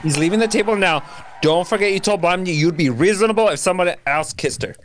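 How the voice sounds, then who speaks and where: A man's voice: a little high, expressive, slight background noise. A man reading the part of the husband's meddling male friend in an amateur 1940s radio play reading, bossy and coaxing. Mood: alarmed. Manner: bossy, coaxing, quick to shout warnings.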